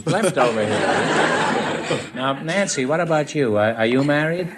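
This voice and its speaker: A man's voice: mid-range voice, expressive, measured pace, heavy background noise. Wisecracking man hosting a radio quiz. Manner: wisecracking, teasing. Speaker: quiz show host. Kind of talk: 1950s radio quiz banter.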